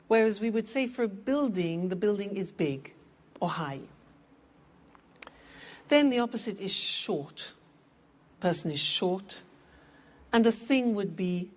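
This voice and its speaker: A woman teaching English in a scripted lesson, explaining clearly and patiently and repeating words for practice. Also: medium pitch, a little mellow.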